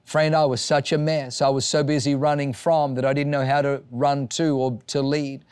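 A male pastor giving a sermon with animated storytelling, acting out the voices of people in his stories. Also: medium pitch, normal speed, smooth, dry recording, studio quality.

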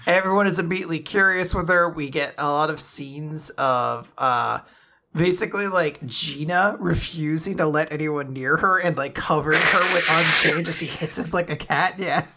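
A man co-hosting a casual podcast, retelling a comic chapter with laughs and swearing. His voice sits a little high and rings bright. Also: normal speed. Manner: laughing, profane, animated retelling. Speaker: podcast co-host. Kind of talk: casual chat, recapping a manga chapter.

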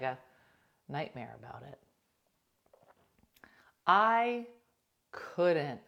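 A woman hosting a casual livestream, chatting to viewers and telling a gossipy story, dropping to hushed asides now and then. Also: low voice, vocal fry. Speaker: livestream host. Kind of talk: casual chat reading viewer comments.

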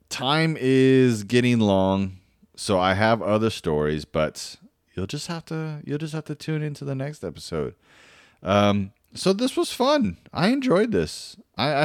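A male podcast host with a low, clear, resonant voice tells stories in a casual, laid-back monologue. He rambles with plenty of fillers and restarts, and the studio-quality recording is dry.

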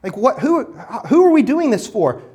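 Male pastor preaching, earnest and animated in pitch, stacks up rhetorical questions and restarts a lot. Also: moderate pace. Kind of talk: sermon.

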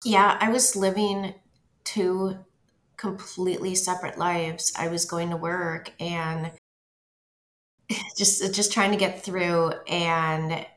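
Low-voiced woman telling her story in an interview, halting, says things twice, echoey room. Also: steady tone, fairly bright tone, slight background noise. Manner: halting, repeats phrases. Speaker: interview guest. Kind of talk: personal testimony. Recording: roomy echo.

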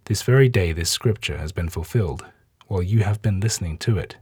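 A man reading as calm, authoritative Jesus. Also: sits low, breathy edge, no echo, clean studio sound. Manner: measured, authoritative. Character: Jesus, calm authoritative adult male teacher.

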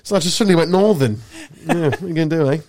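A man's voice: fairly high pitch, very fast, a little mellow, no room sound. A man from England hosting a casual football chat podcast, joking and bantering with friends. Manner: joking, banter-filled, sweary. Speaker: podcast host.

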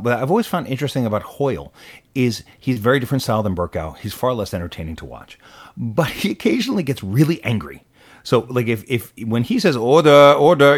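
A man co-hosting a casual political talk show, opinionated and animated, with quick asides. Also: medium pitch. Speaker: podcast co-host.

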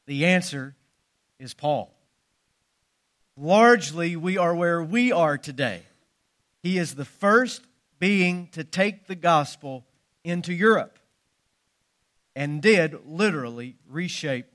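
A man's voice: a little high, a bit bright. A man preaches a sermon. He tells folksy jokes and stories, leaning hard on his emphasis. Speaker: pastor.

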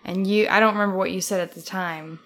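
Woman, mid-pitched voice, podcast co-host, casual chat, dry, teasing. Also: steady tone, quick pace, fairly bright tone.

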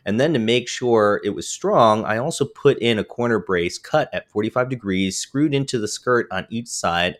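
ポッドキャストで木工の質問に答える男性。言いよどみやフィラーが多く、しゃっくりが出ている。. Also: male voice, on the low side. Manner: hesitant, many fillers and restarts. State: has the hiccups. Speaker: podcast co-host. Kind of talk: casual chat.

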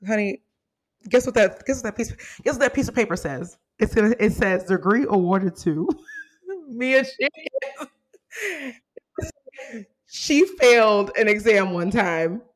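A young adult woman hosting a podcast in casual chat, animated and quick to laugh, with playful teasing. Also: mid-range voice. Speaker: podcast host.

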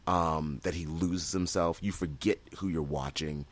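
A podcast co-host with a bass voice chats casually and enthusiastically, rambling through lots of fillers and restarts. His intonation stays fairly even and his pace is unhurried.

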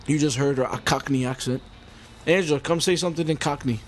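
A man's voice: fairly high pitch, fast, a little hiss or hum. A man in his forties hosting his own podcast, rambling and heated, swearing often as he talks into a mic with a homemade pop filter at home. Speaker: podcast host. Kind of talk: casual profane monologue.

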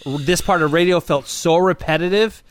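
A man's voice: fairly high pitch, normal speed, clean tone. A man, a former radio DJ, chatting casually and laughing at his own old clips. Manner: self-deprecating, laughing often. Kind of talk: casual podcast chat.

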